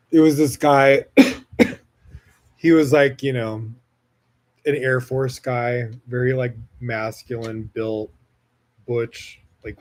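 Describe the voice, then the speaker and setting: Male podcast host, casual rambling monologue, chatty and gushing with lots of fillers and profanity, medium pitch. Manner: frequent laughter, swings loud and soft. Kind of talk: casual personal storytelling monologue.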